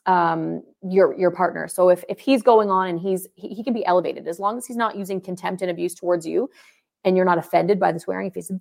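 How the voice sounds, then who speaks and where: A woman's voice: on the low side, fast talker, vocal fry. A woman co-hosting a marriage podcast, talking casually and acting out example phrases. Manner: animated, acts out example phrases. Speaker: podcast co-host, marriage coach.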